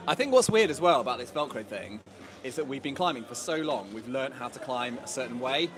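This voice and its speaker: A man's voice: mid-range voice, lively intonation, fairly bright tone. A man co-hosting a climbing festival livestream, chatting in a jokey, teasing way outdoors. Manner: jokey, bantering, quick to tease. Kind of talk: casual live commentary chat. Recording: crowd noise behind. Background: festival crowd.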